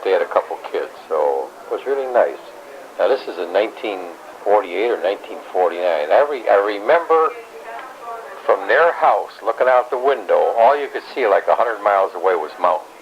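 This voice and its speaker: A man's voice: fairly low pitch, lively intonation, fairly quick. An older man, a grandfather, telling his life story in a rambling, blunt way with some salty language, recorded at home. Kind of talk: casual family storytelling. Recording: dull home recording with faint hiss.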